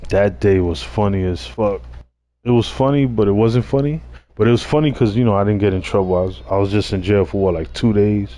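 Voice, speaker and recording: A man's voice: lowish voice, fairly quick, mellow. A young man telling street stories in a casual, laid-back way, with lots of slang and swearing. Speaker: streamer. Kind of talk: casual storytelling.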